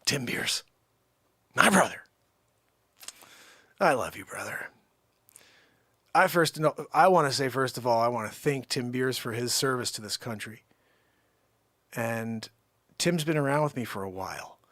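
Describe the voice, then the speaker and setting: A man hosting a live stream, rambling through effusive shout-outs to viewers in casual chat. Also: mid-range voice, expressive, a little slow, pauses often, no room sound, studio quality. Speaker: livestream host.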